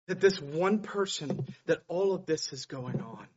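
A man preaching a sermon, swinging between hushed tones and loud outbursts as he retells scenes. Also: a little high, expressive, a little slow, a little hiss or hum. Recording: dull lo-fi sound.

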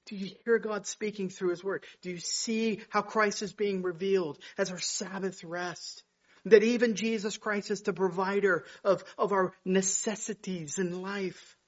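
A man's voice: high voice, fairly even intonation, normal speed, muffled recording. A man preaching a sermon, building to emphatic, rising bursts as he reads scripture. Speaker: pastor.

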